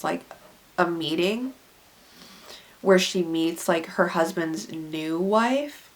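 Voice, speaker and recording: A woman's voice: fairly low pitch, fairly bright tone. A woman in her twenties recommending books in a casual vlog, chatty and gushing, filling her talk with "like". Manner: chatty and gushing, heavy use of "like" fillers. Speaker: book reviewer.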